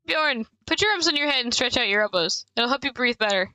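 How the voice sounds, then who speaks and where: A woman's voice: on the high side, lively intonation, a little fast, sharp tone, smooth, no echo, poor audio. A woman reading the lines of an encouraging male running buddy in a game, giving friendly instructions.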